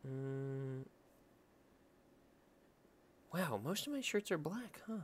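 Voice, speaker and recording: A man's voice: on the high side, unhurried, slight background noise. A young man chatting casually and thinking aloud as he draws for his vlog. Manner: relaxed, rambling, thinking aloud. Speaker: drawing vlogger. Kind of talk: casual chat while drawing.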